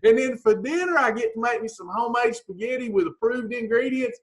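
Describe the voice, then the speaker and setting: A woman's voice: on the high side, fairly quick, hardly any pauses. A woman gives a blunt, folksy motivational talk as a weight-loss coach and teases her listeners with pet names.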